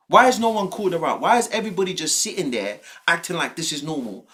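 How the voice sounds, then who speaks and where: A man's voice: fairly high pitch, fast, few pauses. Exasperated man ranting. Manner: exasperated, animated, swearing, slangy. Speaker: streamer reacting to news clips. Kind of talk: ranting reaction commentary.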